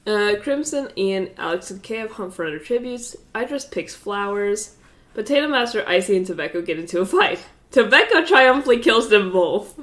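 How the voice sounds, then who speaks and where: A woman's voice: medium pitch, expressive, moderate pace, a bit bright. A congested woman streaming, reading out game events with amused, offhand asides and frequent laughter.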